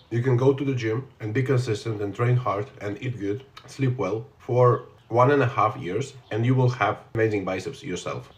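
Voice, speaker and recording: A man's voice: mid-range voice, a little mellow, a little hiss or hum. A man live-streaming who reads viewer comments aloud and answers them bluntly in a casual, unbothered way. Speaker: live streamer reading chat.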